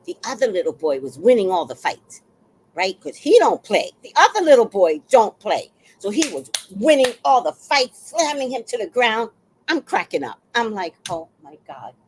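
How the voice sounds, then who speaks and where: Animated woman telling a wild story. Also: on the high side, moderate pace, a little hiss or hum. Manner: animated, blunt and profane, acting out the people in her story. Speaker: vlogger. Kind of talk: casual storytelling monologue.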